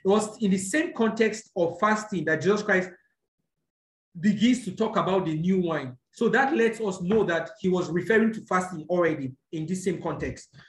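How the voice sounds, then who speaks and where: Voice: mid-range voice, normal speed. A preacher teaching a sermon, explaining scripture step by step, often checking in with the listeners and correcting small slips. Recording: echoey room.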